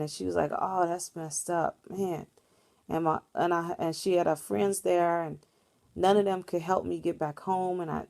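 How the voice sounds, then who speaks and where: A woman with a fairly low, gravelly voice tells a dream to the camera, rambling and earnest. She talks casually, like a vlogger speaking off the cuff. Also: a little mellow. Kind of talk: casual spoken recounting of a dream.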